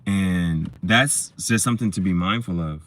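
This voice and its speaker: A man with a low, fairly bright voice casually reviews a movie at a measured pace. He rambles through its scenes, swearing plenty and laughing as he retells them.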